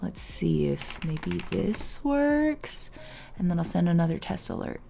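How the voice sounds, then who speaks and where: Hoarse, creaky-voiced woman streamer. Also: lowish voice, big pitch swings, measured pace, dark tone, soft background music. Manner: rambling, laughs often, talks to chat. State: hoarse, half lost voice. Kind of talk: casual live-stream chat.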